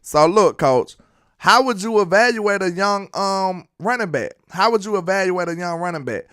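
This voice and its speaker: A young man hosting a casual sports livestream, answering chat in a relaxed way. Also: sits high, moderate pace, smooth. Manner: chatty, reads and answers chat comments. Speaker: sports live-stream host. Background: hip hop beat playing.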